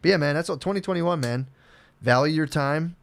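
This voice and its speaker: A man co-hosting a podcast, rambling and swearing through animated casual chat. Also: on the high side, a little fast, creaky, no echo. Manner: rambling, profane, animated storytelling. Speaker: podcast co-host.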